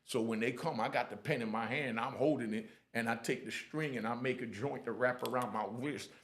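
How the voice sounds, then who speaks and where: A middle-aged man telling his own prison stories in blunt, lively street talk, often asking "you know what I mean". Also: mid-range voice, brisk, a little hiss or hum. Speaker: storyteller sharing prison stories. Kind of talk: casual storytelling.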